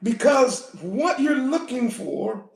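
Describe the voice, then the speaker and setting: A woman preaching a fiery sermon, animated, often shouting and breaking into laughter. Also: a little high, slow pace, vocal fry. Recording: echoey room.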